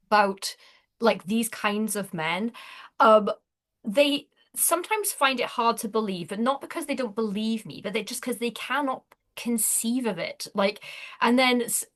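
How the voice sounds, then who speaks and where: Chatty woman guest, fairly high voice. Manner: chatty, animated storytelling with frequent restarts. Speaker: author guest. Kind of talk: casual interview chat.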